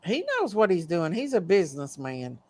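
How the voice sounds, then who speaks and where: A woman's voice: on the low side, big pitch swings, normal speed, crowd noise. A woman in a casual political chat, stubborn and firm, answering with short dismissive replies.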